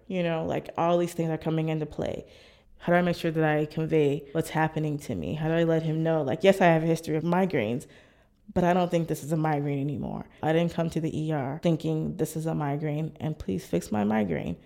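A woman's voice: deep voice, vocal fry, dark tone. A woman in her thirties candidly recounting a personal experience, acting out what others said. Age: 30s. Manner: candid, reflective, acts out others' lines. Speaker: interviewee sharing her story. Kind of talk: personal storytelling.

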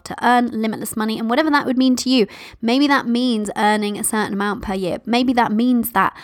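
A woman's voice: medium pitch, dry recording, clean studio sound. A woman hosting a motivational podcast, speaking encouragingly to her listeners and calling them "my love". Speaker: podcast host.

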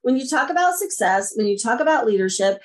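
A woman guest on a podcast interview, talking in an enthusiastic, animated storytelling way. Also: a little high, brisk. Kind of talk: casual interview chat.

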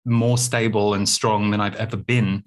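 A man's voice: fairly low pitch, flat delivery, normal speed. A man hosting a spiritual podcast, speaking thoughtfully and reflectively. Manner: thoughtful, reflective, with many restarts. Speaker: podcast host. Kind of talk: casual interview chat.

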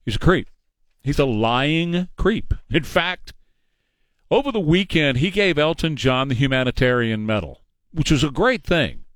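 A middle-aged man hosting a talk show, delivering a combative, sarcastic political monologue at a fast clip. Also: on the high side, expressive, fairly bright tone, no room sound. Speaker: radio talk show host.

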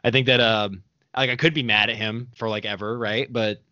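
A man's voice: lowish voice, steady tone, moderate pace, sharp tone, no echo. Young guy hosting a podcast, chatty and goofy, dull dry sound. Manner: rambling storyteller, laughing often, full of fillers. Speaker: podcast host. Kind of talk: casual chat.

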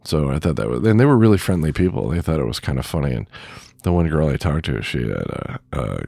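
A man's voice: extremely low pitch, big pitch swings, quick pace, vocal fry, mellow, slightly rough, dry recording. A man hosting a podcast, telling a rambling story in a casual monologue, with many fillers and chuckles. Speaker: podcast host; truck driver.

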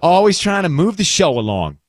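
A woman's voice: on the low side, sing-song, fairly quick, dry recording, studio quality. A woman hosting a podcast, chatting casually and ranting playfully in mock outrage. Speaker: podcast host. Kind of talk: casual chat.

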